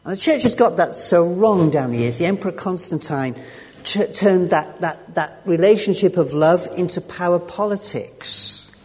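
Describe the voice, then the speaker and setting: A man's voice: high-pitched, animated, moderate pace, darkish tone, breathy edge. A man preaching a sermon in a chatty way, with asides and restarts, recorded in a church hall. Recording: long reverb of a large hall.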